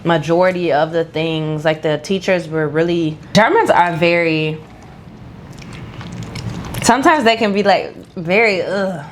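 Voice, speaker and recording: A young woman with a notably low voice talks through her past in a candid, reflective way, leaning on filler words as she goes. She is co-hosting a relaxed chat at home over food, with faint noise in the background. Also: a little slow. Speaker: co-host. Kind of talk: casual chat.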